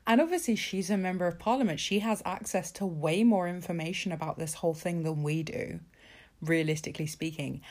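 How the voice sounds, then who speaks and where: A woman's voice: lowish voice, moderate pace, a little mellow. A woman ranting casually about politics, sarcastic and exasperated, swearing freely and filling with asides. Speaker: vlogger.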